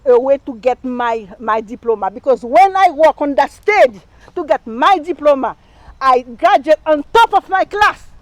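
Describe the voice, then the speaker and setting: A middle-aged woman who is not a native English speaker delivers a heartfelt campaign speech with a fairly high voice. She speaks slowly and repeats her phrases, with a slip now and then. The sound is close and dry. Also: dry recording, poor audio. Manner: impassioned, repetitive, speaks non-native English with slips. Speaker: town council candidate. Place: live stream rally.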